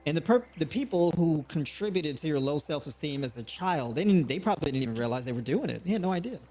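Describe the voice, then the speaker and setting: A man hosting a live online show, talking casually and motivationally with frequent repeats and animated bursts. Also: a little high, fast talker, faint music behind. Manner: conversational, repeats words, rising to animated bursts.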